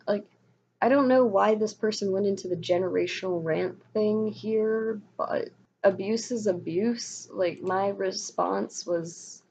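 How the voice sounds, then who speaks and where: A woman's voice: mid-range voice, measured pace, vocal fry, dark tone. A young woman ranting in a casual vlog monologue, frustrated and rambling, often stopping and restarting her sentences. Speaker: vlogger. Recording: dull lo-fi sound with faint noise.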